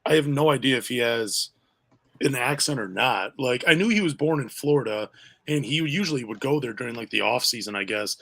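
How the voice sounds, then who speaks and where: A man's voice: medium pitch, lively intonation, a little fast, gravelly, bright, forceful tone. A man hosting a casual sports podcast, chatty and full of questions for his co-host. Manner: chatty, asks questions, self-deprecating.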